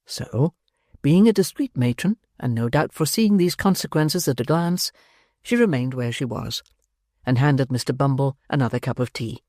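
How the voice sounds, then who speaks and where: An audiobook narrator reading a classic novel in a measured, expressive storytelling manner. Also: mid-range voice, no room sound. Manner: measured, expressive storytelling with dry wry emphasis.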